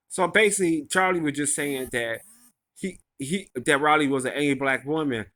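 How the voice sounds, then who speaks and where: A man's voice: on the high side, normal speed, sharp tone. A man casually recapping a reality show episode, rambling and gossipy, full of fillers and restarts.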